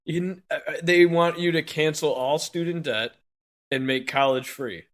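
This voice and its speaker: Bright-voiced man ranting, swearing hard. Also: a little high, fairly even intonation, moderate pace. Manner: angry, swearing, laughing between bursts. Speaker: podcast co-host. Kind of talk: profane rant on a podcast.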